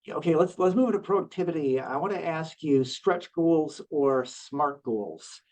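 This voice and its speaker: A man hosting a podcast, asking questions in a relaxed, affirming way with small fillers. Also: fairly high pitch, normal speed, recorded from a distance, rough recording. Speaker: podcast host. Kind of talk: interview questions. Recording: voice set back from the mic.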